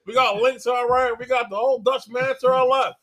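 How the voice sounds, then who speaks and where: A man putting on a hyped live-event announcer voice, with loud, showy interviewer patter. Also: very high voice, steady tone, fairly quick, pitched above the performer's own voice. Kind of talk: mock live broadcast bit.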